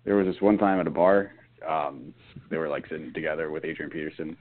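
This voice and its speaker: A man talking softly and haltingly over a phone call, speaking from a shower. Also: rumbling low. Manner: soft-spoken, halting. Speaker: caller on phone. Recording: tinny phone line.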